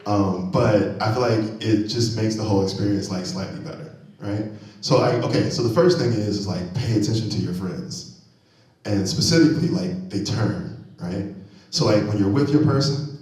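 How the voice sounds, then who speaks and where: A man doing a stand-up comedy set on stage, animated and loud on punchlines, laughing at his own jokes. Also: on the low side, moderate pace. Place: comedy venue stage, live audience. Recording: very echoey hall, mic from far off.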